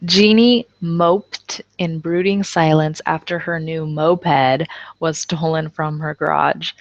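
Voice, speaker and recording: A woman's voice: deep voice, fairly even intonation, slow pace, dry recording. A woman teaching an English lesson in a casual way, reading example sentences aloud and explaining them. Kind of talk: online language lesson. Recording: dull, dry lo-fi recording.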